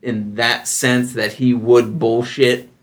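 A man in his thirties hosting a casual podcast, telling stories with lively, acted-out voices for other people. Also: takes it slowly. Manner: animated storyteller who acts out other people in a high voice. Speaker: podcast host.

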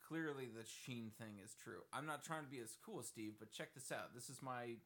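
A man's voice: medium pitch, moderate pace, fairly bright tone. A man co-hosting a podcast, joking and rambling in casual banter. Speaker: podcast co-host.

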